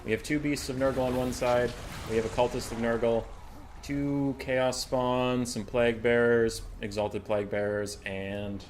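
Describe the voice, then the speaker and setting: Excitable, chatty male game streamer. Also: medium pitch, a little hiss or hum. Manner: excitable and chatty, swears casually, chuckles often. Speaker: streamer casting a game tournament. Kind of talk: casual live-stream game commentary.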